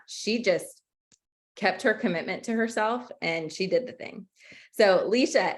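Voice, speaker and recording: Young woman coach hosting a call, upbeat and encouraging, talks kinda casual. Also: mid-range voice. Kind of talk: motivational group call hosting.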